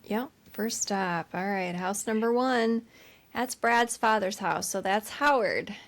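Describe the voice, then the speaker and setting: Woman podcast co-host retelling a movie, animated, mid pitch, chatty. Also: slow. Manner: animated retelling, acts out scenes with quoted voices and laughs. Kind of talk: casual chat recapping a film.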